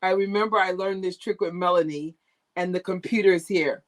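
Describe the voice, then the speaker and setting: A woman hosting a casual fan news livestream, chatty and animated, laughing often, recorded on a tablet's built-in mic. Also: on the low side, a little fast. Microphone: tablet used as camera.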